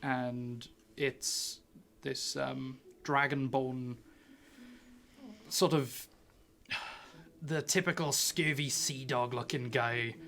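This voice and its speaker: A man's voice: medium pitch, steady tone, drawn-out words, gravelly, pauses often, fairly bright tone, a little hiss or hum. A man running a tabletop game, narrating in a rambling way and laughing often. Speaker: game master.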